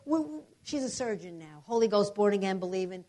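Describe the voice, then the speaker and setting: A middle-aged woman preacher shares a testimony during a sermon, speaking fairly quickly in a mid-range voice. She is animated, acting out the voices and prayers of the people in her story.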